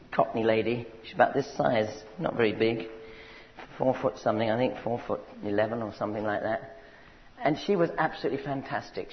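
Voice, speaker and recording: A man's voice: medium pitch, a little hiss or hum. A man preaching a sermon, telling stories and asking the congregation if they follow him. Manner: storytelling, conversational asides to the congregation. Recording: dull recording with long hall reverb.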